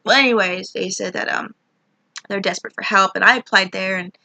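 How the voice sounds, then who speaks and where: A woman's voice: medium pitch, steady tone, a little fast, gravelly, pushed and bright, no echo. A young woman telling a frustrated, rambling story about her job, swearing a lot as she vents. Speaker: vlogger. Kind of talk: ranting personal story.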